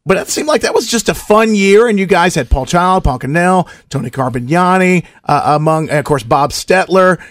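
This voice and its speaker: A man with a slightly high voice hosts a casual interview, asking friendly, curious questions with some joking. The recording is dry and close. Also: animated, moderate pace, few pauses, no room sound. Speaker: podcast host.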